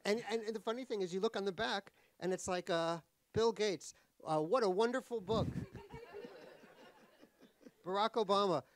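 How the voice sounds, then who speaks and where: At a live talk in a cultural center event hall, a middle-aged author from New York chats casually, wry and self-mocking, with many restarts. He has a high voice, speaks at normal speed, pauses often, and the recording is dry.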